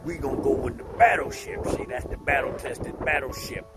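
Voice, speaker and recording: A man's voice: mid-range voice, fairly even intonation, a little fast, loud music behind the voice. A man making a casual, playful vlog outdoors by a lake, laughing at himself as he talks to viewers. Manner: playful, laughs at himself, Southern-style "y'all". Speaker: vlogger.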